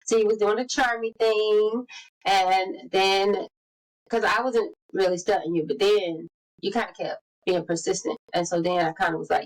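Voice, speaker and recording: A woman in her forties co-hosting a podcast, telling stories in lively casual chat and acting out the quotes. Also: mid-range voice, normal speed, rough recording. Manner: animated storyteller, acts out quotes. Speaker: podcast co-host.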